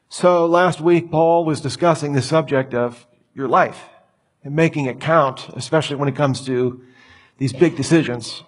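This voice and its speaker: A man's voice: a little high, moderate pace. A man preaching a sermon as pastor, emphatic and conversational, asking the listeners rhetorical questions. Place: church sanctuary.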